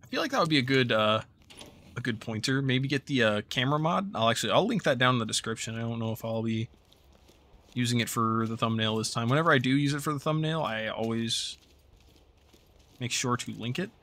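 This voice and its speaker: Man, gaming commentary, bright voice, laid-back rambling, lots of uh and um. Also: mid-range voice, fairly quick. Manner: relaxed rambling with frequent fillers. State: hiccups. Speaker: gaming YouTuber. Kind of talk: casual gameplay commentary.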